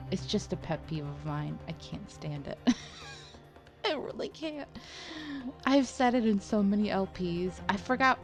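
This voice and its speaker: A woman commenting on a game she is playing at home, ranting with animated repeats and frequent laughter. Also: on the low side. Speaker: let's play commentator.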